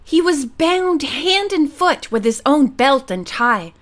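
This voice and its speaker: A woman reading a children's mystery audiobook as narrator, in lively storytelling. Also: high-pitched, slow pace. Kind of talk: scripted narration.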